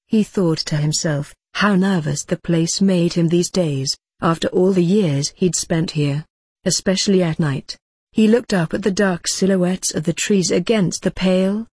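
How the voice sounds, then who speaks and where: Husky audiobook narrator, steady and measured, super dry close sound. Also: mid-range voice, no room sound.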